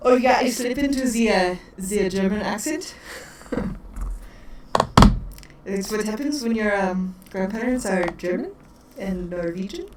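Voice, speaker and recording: A woman's voice: mid-range voice, expressive, slow pace, long pauses. A woman with a Wisconsin accent, chatting and laughing as game master of a tabletop game. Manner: giggly, chatty, talks to her pets. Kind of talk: casual tabletop chat. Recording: echoey room, distant mic, faint noise.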